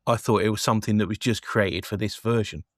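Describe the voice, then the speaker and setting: A man's voice: lowish voice, fairly even intonation, quick pace, no room sound, studio quality. A man co-hosting a casual film review chat, mostly giving short agreeing replies and quips. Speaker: podcast co-host.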